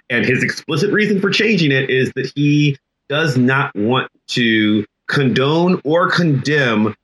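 Male co-host, teacher type, bright forceful tone, emphatic lecturer. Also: mid-range voice, low-quality recording. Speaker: podcast co-host. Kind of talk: casual discussion.

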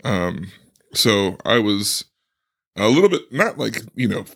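Gravelly, lively man joking around. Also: fairly low pitch, slow pace. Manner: animated, joking. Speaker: podcast co-host. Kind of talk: casual book discussion.

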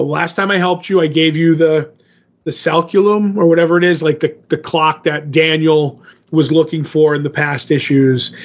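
A man casually recapping a comic book story on a podcast, rambling and loosely paraphrasing the characters' lines. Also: a little high. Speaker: podcast co-host. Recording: muffled lo-fi podcast audio.

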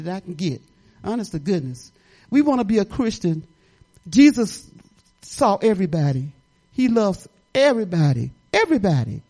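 A woman's voice: fairly high pitch, darkish tone, poor audio. Older woman, pastor, chatty testimony sermon, folksy, rambling asides.

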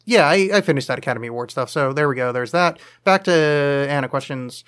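A man's voice: medium pitch, fairly quick, hardly any pauses, a bit bright, smooth. A man hosting a casual solo live podcast, answering listener questions in a rambling, self-deprecating, jokey way with lots of fillers. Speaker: podcast host. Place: home studio, leaning over to check screen.

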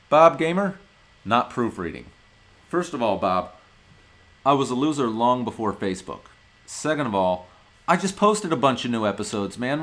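A man's voice: medium pitch, fairly bright tone. A male podcast host from Ohio, ranting in a brash, profane, mock-indignant way in a casual comedic monologue.

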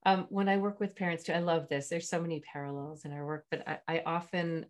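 A woman with a fairly low voice hosts a podcast interview. She speaks in an affirming, reflective way, drawing on her own work as a parent coach. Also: steady tone, quick pace.

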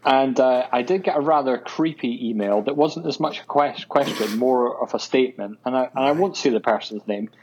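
A man's voice: mid-range voice, brisk, hardly any pauses, darkish tone, highs cut off, a little hiss or hum. A Scottish man chatting as a guest on a podcast, hesitant and full of fillers. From Scotland. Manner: hesitant, full of ums and uhs. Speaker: guest, web designer. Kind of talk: casual podcast chat.

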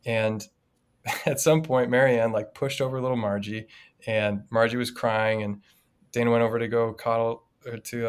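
A man, a priest co-hosting a podcast, telling a personal story in a casual, reflective way. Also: medium pitch. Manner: storytelling, reflective, animated in anecdotes. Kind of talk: casual conversation.

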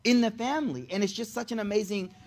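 A young man giving a casual, animated sermon to young people, telling stories in slang and acting out the people in them. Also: high-pitched, fast. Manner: animated, slangy, storytelling with quoted voices. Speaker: religious teacher.

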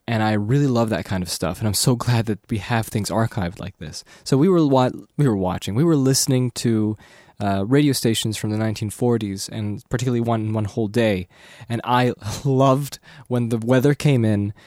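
A man's voice: medium pitch, normal speed, darkish tone, no echo, clean studio sound. A young man hosting a podcast, rambling casually and correcting himself with lots of fillers. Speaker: podcast host.

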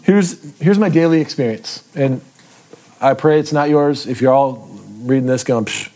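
In a relaxed teaching talk, this man pokes fun at himself while explaining the Bible and keeps asking his listeners little tag questions to check in. He speaks at a normal speed in a mellow voice of medium pitch.

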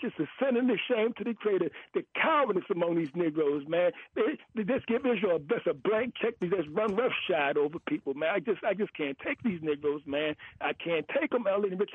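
A man calls in over a thin, tinny phone line, his voice pitched high and a little husky. He rants with heat, stumbling and repeating himself, and he keeps driving his point home like a preacher. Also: no room sound. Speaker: caller. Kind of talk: call-in radio rant. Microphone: telephone.

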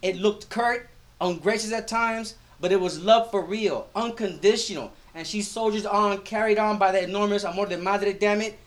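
A man with a notably high speaking voice reads his own prose aloud at a live event. He tells it expressively and slips Spanish phrases into the narration. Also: normal speed. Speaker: teacher. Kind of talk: live literary reading.

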